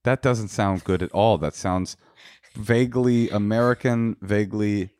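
A man's voice: on the low side, measured pace, darkish tone, smooth, no echo. A man co-hosting a podcast, bantering in a crude, teasing, joking way. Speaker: podcast co-host. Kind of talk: casual banter.

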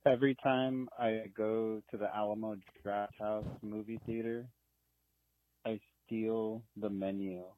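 A man calling a secrets hotline, his low voice compressed into a thin phone-line sound. He confesses in a level, monotone way without hurrying. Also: unhurried, dry recording.

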